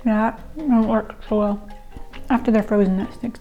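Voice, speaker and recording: A woman's voice: mid-range voice, fairly even intonation, normal speed, highs cut off, faint music behind. A young woman chatting casually through a home cooking vlog, giggly and rambling with little asides. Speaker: home cook vlogger.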